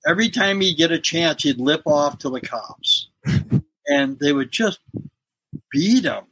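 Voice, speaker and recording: A man's voice: on the high side, animated, a little slow, a bit bright, husky, rough recording. A middle-aged man, a former wrestler, telling road stories in a casual interview and laughing often. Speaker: guest, former pro wrestler.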